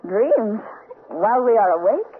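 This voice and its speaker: A woman's voice: on the high side, big pitch swings, unhurried, a little hiss or hum. A woman playing a dutiful, discreet young lady's maid in a radio drama, answering in a deferential, formal way. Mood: curious. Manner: deferential, formal, hushed replies. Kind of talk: 1970s-80s radio drama acting. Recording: tinny old radio broadcast, faint music.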